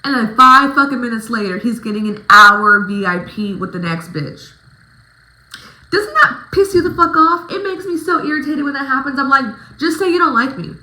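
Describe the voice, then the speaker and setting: Bright-voiced woman giving a profane pep talk. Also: high voice, normal speed, roomy sound, poor audio. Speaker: stripper giving advice to other dancers. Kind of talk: casual advice vlog.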